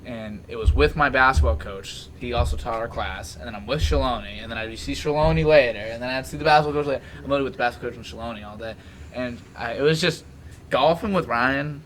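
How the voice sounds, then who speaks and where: A young man hosting a podcast, chatting casually and telling slangy stories about friends, now and then mimicking them in loud bursts. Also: medium pitch, fast talker, a little hiss or hum, rough recording. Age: young adult. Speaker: podcast host. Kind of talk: casual chat.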